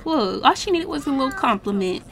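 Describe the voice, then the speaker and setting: A young woman giving casual, slangy let's-play commentary as the channel host, chatting and reacting loudly to the game. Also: high voice, expressive, a little fast, vocal fry.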